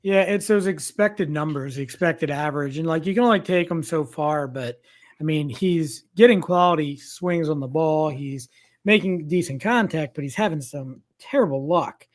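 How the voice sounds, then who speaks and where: Older guy, pretty high voice, rambly sports banter, wry. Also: moderate pace. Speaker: podcast co-host. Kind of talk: casual sports chat.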